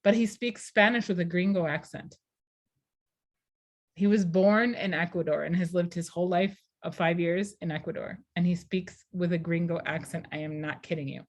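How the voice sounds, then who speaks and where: A woman's voice: fairly low pitch, fairly even intonation, moderate pace. A woman teacher talking in a conversational, explanatory way during a class discussion over a video call.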